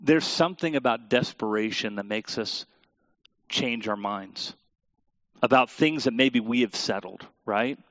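A man's voice: medium pitch, measured pace, a bit bright, no echo. Male pastor, chatty sermon delivery, dull dry recording. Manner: conversational, self-deprecating asides to the congregation.

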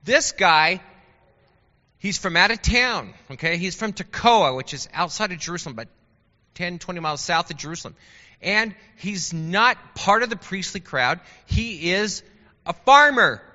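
A man teaching a Bible class in a chatty, animated way, asking his listeners questions. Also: high-pitched, moderate pace. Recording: dull lo-fi sound with long hall reverb.

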